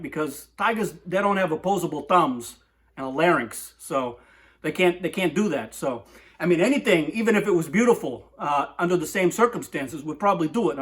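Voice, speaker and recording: A man's voice: fairly high pitch, a bit bright. A man hosting a comic poetry talk in a rambling, digressive monologue, constantly asking "right?".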